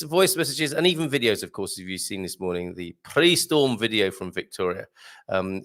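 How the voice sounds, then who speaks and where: A man hosting a live morning show, chatting casually and jokily through viewer comments with plenty of ums and laughs. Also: lowish voice. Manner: chatty, jokey, laughs often, lots of ums. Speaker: host. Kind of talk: live-stream chat reading viewer comments.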